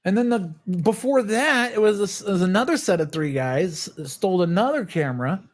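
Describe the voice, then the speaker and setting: On his casual livestream, the channel host launches into a long and agitated story, full of profanity and impressions of what others told him. His voice sits high and moves along fairly quickly.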